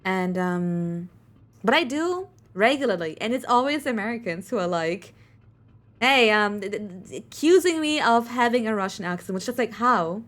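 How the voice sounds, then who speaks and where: A woman's voice: mid-range voice, lively intonation, normal speed. A woman streamer, not a native English speaker, chatting casually over gameplay in a rambling way with lots of fillers.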